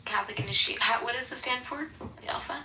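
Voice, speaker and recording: A woman rambles through a casual group chat, leaning on filler words like "like" and "um". Her tone is bright and clear. She sounds some way off the mic in a roomy space. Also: on the high side, quick pace, recorded from a distance, a little hiss or hum.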